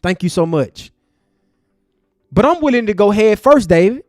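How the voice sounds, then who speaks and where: A man hosts his live stream in a high, animated voice that jumps from loud bursts to low mutters. He is openly angry and curses in street slang. The sound is close and dry, with faint music underneath. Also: moderate pace, pauses often, dry recording. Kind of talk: heated live stream commentary.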